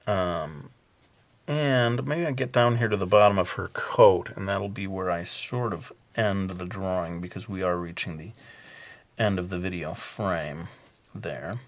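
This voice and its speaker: In a relaxed drawing tutorial, a male instructor with a somewhat low voice talks in a deliberately fake Brooklyn accent as a joke. He wanders from point to point, teasing himself and filling gaps with lots of uhs.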